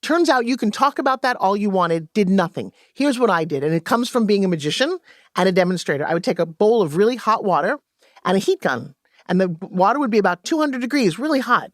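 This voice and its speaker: A woman guest and sales coach, telling stories in an animated way and acting out quoted dialogue in a podcast interview. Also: medium pitch, fast, dry recording, studio quality.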